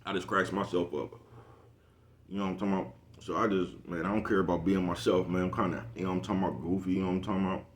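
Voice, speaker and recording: Man, quick rambling vlog talk, deep voice, laughs at his own jokes. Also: little pitch movement. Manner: rambling, repeats "you know what I'm talking about". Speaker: vlogger. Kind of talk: casual monologue.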